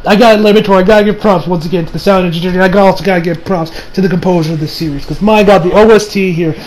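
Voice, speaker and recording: Excitable high-voiced man gushing over anime. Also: rapid-fire, rough recording. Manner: excitable, rambling, swears often, bursts of loud laughter. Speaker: anime reviewer. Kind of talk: casual reaction commentary.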